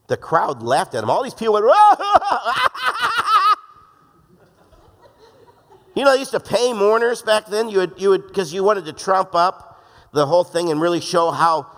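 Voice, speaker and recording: A man's voice: on the high side, a bit bright. A man preaching a sermon in a casual, joking way, acting out the voices he quotes. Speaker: pastor. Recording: long hall reverb.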